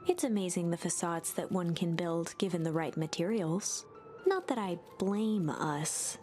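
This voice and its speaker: Whispered role-play: a cold, sneering double of a boy, whispered by a woman, slow and low, faint music. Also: lightly acted. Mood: scornful. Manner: hushed and scornful. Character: cold, disdainful doppelganger boy. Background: background music.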